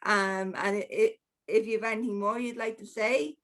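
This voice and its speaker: A woman's voice: medium pitch, steady tone, moderate pace. A woman hosting an online meeting on a video call, praising a speaker effusively and inviting her to go on. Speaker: meeting host. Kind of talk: casual chat.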